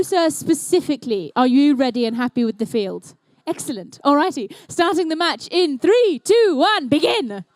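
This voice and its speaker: A young adult woman emcees an indoor robotics competition, offering live match commentary sprinkled with playful, jokey asides. Her voice sits high, and the recording is dry.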